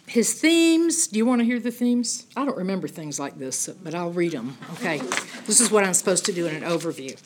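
A middle-aged woman teaching a Bible study in an animated, emphatic, conversational way, often checking in with "okay?". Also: fairly low pitch, a little fast, a little hiss or hum.

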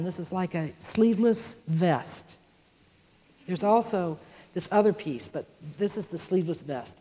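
Animated woman preaching in echoey hall. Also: on the low side, unhurried. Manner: animated, acts out little scenes, conversational. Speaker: Bible teacher. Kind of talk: sermon. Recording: muffled sound in a long-reverb hall.

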